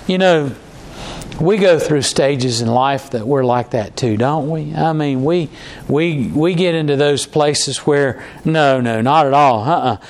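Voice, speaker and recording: A man's voice: a little high, measured pace. A man preaching a conversational sermon, restarting words often and acting out quoted lines.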